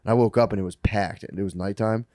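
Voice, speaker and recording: A man's voice: on the low side, fairly even intonation, fast talker, warm tone, no room sound, studio quality. A young man co-hosting a podcast, telling a rowdy, profane story in casual banter and acting out the quotes. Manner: rowdy storyteller, lots of swearing, acts out quotes. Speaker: podcast co-host.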